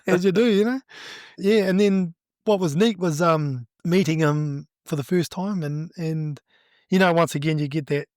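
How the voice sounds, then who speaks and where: A middle-aged man with a New Zealand accent, a judo coach telling stories in a casual interview, animated and laughing as he acts out what people said. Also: sits high, clear, resonant tone, no room sound, studio quality.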